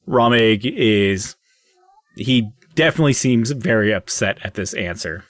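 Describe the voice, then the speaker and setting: A man with a lowish voice runs a tabletop game, rambling loosely through the scene with fillers and restarts. The sound is dry and close, with no room around it. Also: lively intonation, unhurried, no echo. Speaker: game master. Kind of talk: narrating and voicing characters in a tabletop game.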